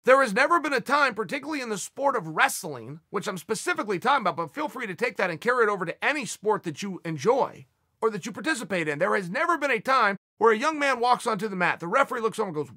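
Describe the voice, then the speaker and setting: Blunt male motivational speaker, high and bright, very lively delivery. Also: fairly quick, no room sound, clean studio sound. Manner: blunt, emphatic, swears for emphasis. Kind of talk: motivational speech.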